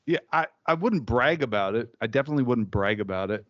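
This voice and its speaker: A man's voice: mid-range voice, lively intonation, quick pace, a bit bright, dull audio. A man co-hosting a casual podcast, telling stories and laughing often between lines. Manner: anecdotal storytelling, laughs often. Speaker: podcast co-host. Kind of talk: casual profane podcast banter.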